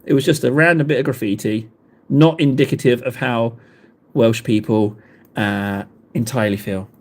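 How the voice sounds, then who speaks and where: A man's voice: medium pitch, normal speed. A man, chatting casually with live viewers in a rambling, self-deprecating way. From England. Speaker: livestream host.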